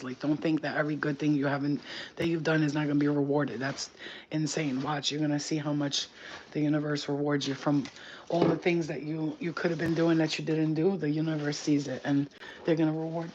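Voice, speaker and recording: A man's voice: fairly high pitch, highs cut off, background noise. A man in a casual livestream chat, giving spiritual readings in a blunt, chatty way and swearing freely.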